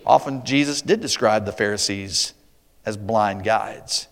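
A man preaching a sermon, verse by verse, with emphatic rises and quiet asides. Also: on the low side, unhurried, gravelly, in a large hall. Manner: emphatic, swings from loud declarations to quiet asides. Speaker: pastor.

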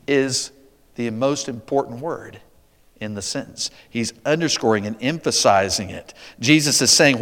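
A man's voice: mid-range voice, normal speed. Emphatic male preacher in a reverberant hall. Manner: emphatic, swings from loud declarations to quiet asides. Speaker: pastor. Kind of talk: sermon.

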